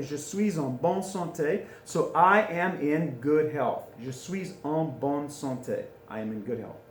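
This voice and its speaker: A man teaching French in a classroom, chatty and informal, repeating phrases slowly for students to drill. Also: a little high, reverberant, a little hiss or hum. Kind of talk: recorded classroom lesson. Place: classroom with a board.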